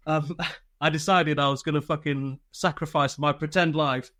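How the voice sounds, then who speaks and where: A man's voice: fairly high pitch, fairly even intonation, normal speed, fairly bright tone. A man, an army veteran and podcast guest, telling casual stories with plenty of swearing and laughter. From United Kingdom. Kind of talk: casual storytelling.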